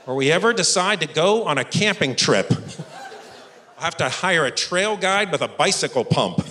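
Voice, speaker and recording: A man in his fifties doing live stand-up comedy on stage, animated and self-mocking. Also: a little high, moderate pace, slight background noise. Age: 50s. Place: stage before a live audience. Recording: echoey stage room with audience.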